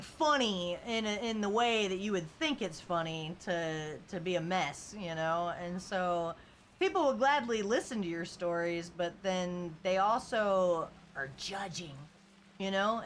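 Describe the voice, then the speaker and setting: A woman's voice: lowish voice, a bit bright, a little hiss or hum. A woman game streamer in casual live-stream chat, reading viewer comments and rambling through stories with lots of "like" and "you know" and frequent laughs.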